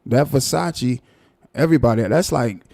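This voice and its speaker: A man hosting a live stream, ranting in a mocking, animated way and repeating his points. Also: medium pitch, moderate pace, vocal fry, dry recording, clean studio sound. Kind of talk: casual commentary rant.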